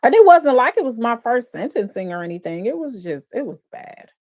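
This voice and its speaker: A woman's voice: a little high, fairly quick. A woman who hosts a live stream and works as a defense attorney. She comments on a court case and speaks with open emotion, often sighing between thoughts. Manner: emotional, expressive, frequent sighs.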